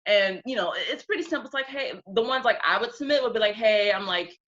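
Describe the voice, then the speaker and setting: Bright-voiced young woman, lo-fi call. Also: on the high side, expressive, fast talker. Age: 20s. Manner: chatty storyteller, often acts out quotes. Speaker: guest. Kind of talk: casual interview chat.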